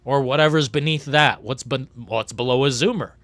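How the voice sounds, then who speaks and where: Profane, ranting male streamer, bright tone. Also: medium pitch, moderate pace, no room sound. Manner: frustrated, profane, swings from muttering to shouting; reads chat messages aloud. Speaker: livestream host. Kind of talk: ranting live chat. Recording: faint background music.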